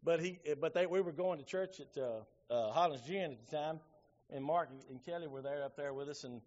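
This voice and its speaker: Middle-aged preacher, homespun storyteller, high voice, muffled lo-fi sermon recording. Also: male voice, moderate pace, darkish tone. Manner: folksy storytelling with Southern phrasing. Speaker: pastor.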